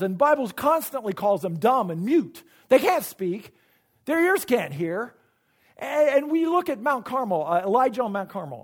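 Animated high-pitched preaching man. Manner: animated preaching, swinging between loud emphasis and quiet asides; repeats words when starting sentences. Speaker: pastor. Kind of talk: sermon.

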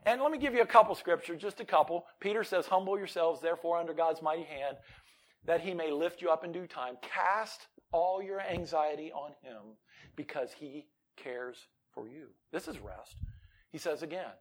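High-pitched guy preaching, gets loud then drops to a whisper. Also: moderate pace. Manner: swings from loud emphatic preaching to near whispers. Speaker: pastor. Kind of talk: sermon.

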